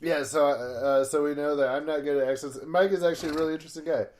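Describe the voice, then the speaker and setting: A man's voice: fairly high pitch, steady tone, quick pace, a little mellow. A man, a comedian, telling long rambling stories in casual podcast chat, full of fillers and swearing.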